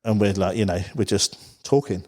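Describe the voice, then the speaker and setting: A man chats as a podcast guest, his voice sitting low. He tells his story loosely and packs it with "you know" asides. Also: normal speed, a little mellow. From England, Isle of Wight. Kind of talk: casual storytelling chat.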